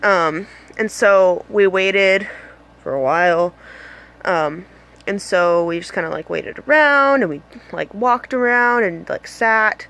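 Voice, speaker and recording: A woman's voice: medium pitch, takes it slowly, fairly bright tone. Giggly, rambling young woman vlogger. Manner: bubbly, rambling, giggly, lots of "like" and "um". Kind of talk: casual storytelling vlog. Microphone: phone camera.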